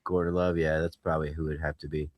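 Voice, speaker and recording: A man's voice: rumbling low, flat delivery, quick pace, no room sound. A man in casual podcast chat, rambling and argumentative, swearing often. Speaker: podcast host.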